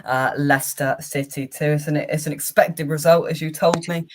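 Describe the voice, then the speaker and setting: A man's voice: on the high side, steady tone, moderate pace. A man hosting a casual football chat, giving frank, weary match analysis with lots of fillers and restarts. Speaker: host.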